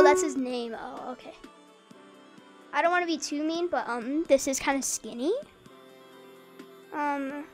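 A woman casually commenting as she plays a video game, hesitant with frequent ums and bursts of excited squealing. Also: sits high. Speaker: gamer.

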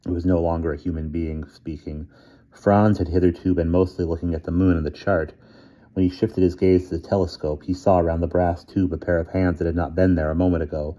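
A man reading a storybook aloud in a measured, plain way. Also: low voice, little pitch movement, mellow, muffled recording. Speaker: audiobook reader.

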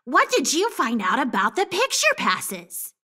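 A woman voicing a cheerful young male character in a children's church lesson, asking bright, encouraging questions. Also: high-pitched, huge pitch swings, unhurried, heavily acted. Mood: upbeat.

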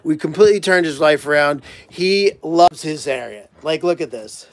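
High-pitched guy doing a chatty live stream in a barn, cooing baby talk at the animals. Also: expressive, normal speed. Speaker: animal sanctuary livestream host. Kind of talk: casual live stream chat.

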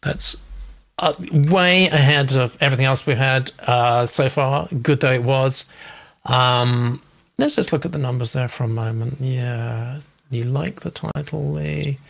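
English guy hosting a video call panel, gravelly voice, chatty, reads comments out loud. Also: medium pitch, unhurried. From England. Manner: warm, chatty, breaks into laughs. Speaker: host of a manuscript feedback show. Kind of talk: casual panel chat, reading out viewer comments.

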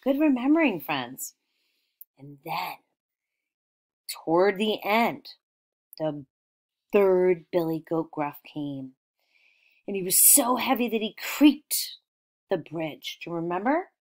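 A woman teacher leads young children through retelling a story, asking slow, encouraging questions and praising their answers. Her voice is fairly low and darkish, with a sing-song quality.

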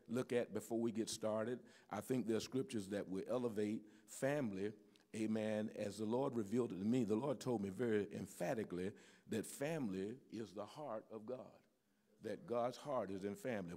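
A man's voice: on the low side, warm tone. An older man preaching a sermon to a church congregation, peppering his talk with amens and frequent restarts. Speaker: pastor. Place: church sanctuary with live audience.

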